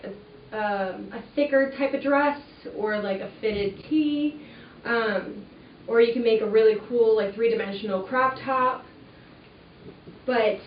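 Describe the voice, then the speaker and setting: A woman's voice: a little high, slight background noise. A young woman hosting a fabric webinar, chatting casually and enthusiastically with lots of "like" and "um". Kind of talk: casual product walkthrough. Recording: roomy, distant, slightly dull sound with faint ambience.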